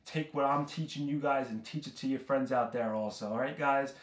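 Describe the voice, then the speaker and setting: A man's voice: medium pitch, fairly quick. A young man from New York City casually reviewing a product, brash and joking as he talks straight to his viewers. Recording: roomy echo.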